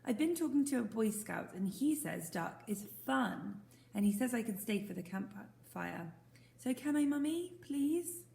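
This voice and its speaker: A woman's voice: medium pitch, lively intonation, normal speed, creaky, mellow. A woman voicing a small, eager baby barn owl who talks in an earnest, chirpy way. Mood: excited. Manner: earnest, chirpy, a little indignant. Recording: roomy echo.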